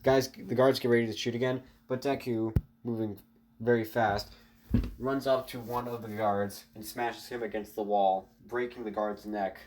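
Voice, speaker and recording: A man's voice: mid-range voice, little pitch movement, moderate pace, darkish tone, a little hiss or hum. A man casually narrating an improvised story, rambling with fillers and restarts and talking to his viewers. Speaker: online storyteller.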